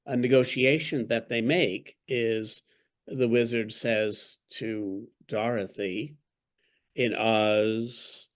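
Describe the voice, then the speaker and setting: A male author tells his stories in an articulate, wry manner and chuckles now and then. His voice sits at a middle male pitch. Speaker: author, podcast guest. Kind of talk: interview.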